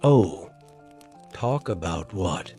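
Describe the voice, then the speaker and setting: A man voicing a gentle, simple male teddy bear who talks mildly and wistfully. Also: low voice, expressive, soft background music, heavily acted. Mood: puzzled. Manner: slow, mild, wistful.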